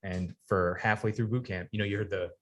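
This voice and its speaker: A man in his forties, a guest in a podcast studio, telling an animated, profane story and acting out the people in it. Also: fairly low pitch, fairly quick. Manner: animated storyteller, acts out quoted people, swears freely. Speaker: podcast guest, retired Navy sailor. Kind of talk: casual storytelling interview.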